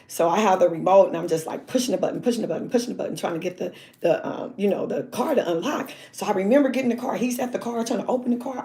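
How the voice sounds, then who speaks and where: A middle-aged woman from Southern California, telling a story with vivid drama. Her voice sits at an ordinary middle pitch. She is a guest in an interview and keeps her delivery lively. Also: quick pace, few pauses. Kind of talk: animated storytelling.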